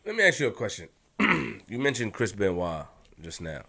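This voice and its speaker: Male podcast co-host, fairly low voice, casual and halting interviewer. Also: wildly swooping pitch, gravelly, bright, forceful tone, breathy edge. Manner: halting, rephrases questions.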